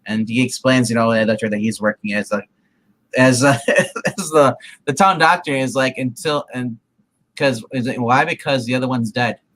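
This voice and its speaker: A man's voice: mid-range voice, moderate pace, a bit bright, rough recording. A man co-hosting a casual show, recapping a TV episode in a rambling way with many restarts. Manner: rambling, many restarts, quotes characters with laughs. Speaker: podcast co-host.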